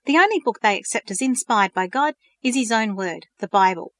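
Brief: earnest curious teen girl, read by a woman, higher pitched, dry close storybook read. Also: animated, brisk, no echo, lightly acted. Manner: questioning, earnest. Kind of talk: storybook reading.

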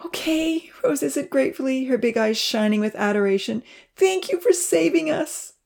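Shrill pleading storybook girl, as a woman reader puts her on. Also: quick pace, gravelly, a little mellow. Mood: grateful. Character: frightened young girl with blonde curls.

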